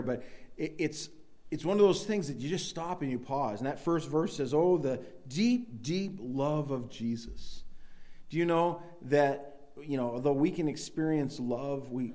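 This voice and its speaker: A man's voice: mid-range voice, a little mellow. A middle-aged man preaching a sermon in a loose, conversational way, with many restarts and sudden emphatic bursts. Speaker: pastor.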